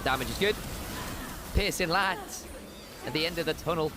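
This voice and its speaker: A man doing live play-by-play esports commentary, jokey and excitable, on a headset mic. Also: fairly high pitch, music in the background. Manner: excitable, jokey, rapid shifts from chatty to shouting. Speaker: esports caster.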